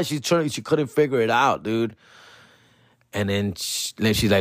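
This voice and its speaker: A man's voice: lively intonation, moderate pace, dry recording. Profane storytelling man, dry sound. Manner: profane, slangy, mixes in Spanish slang; jumps high in pitch for his own quoted outbursts. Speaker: podcast host. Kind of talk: comedic storytelling rant.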